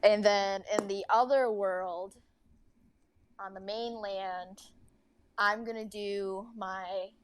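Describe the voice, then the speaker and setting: A woman's voice: medium pitch, fairly even intonation, takes it slowly, pauses often, smooth, dry recording. A young woman playing in a tabletop game, talking casually with lots of "like". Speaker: player.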